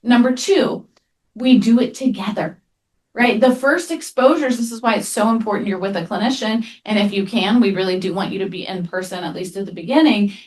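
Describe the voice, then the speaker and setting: A woman therapist presenting a webinar in a conversational way. She tells lively anecdotes and often adds "right?" as she talks. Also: mid-range voice, a little fast. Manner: animated storyteller, frequent "right?" tag questions.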